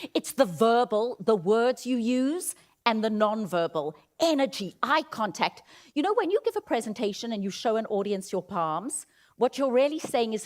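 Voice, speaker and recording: A woman giving a motivational keynote talk in an auditorium, leading the audience through vocal exercises. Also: on the high side. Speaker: keynote speaker. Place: auditorium stage.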